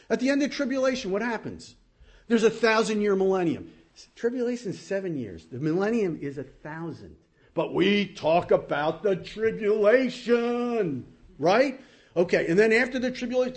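A man preaching a sermon as pastor, animated, swinging from loud exclamations to low asides. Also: a little slow, breathy edge.

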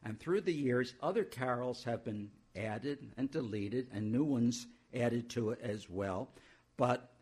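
A man's voice: mid-range voice, measured pace, a little mellow, breathy edge. A male pastor introducing a church service in a conversational way, with homely asides.

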